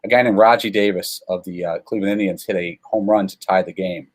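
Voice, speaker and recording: A man guest telling sports stories in a casual, animated, self-deprecating way. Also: sits low, a little fast. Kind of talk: casual storytelling.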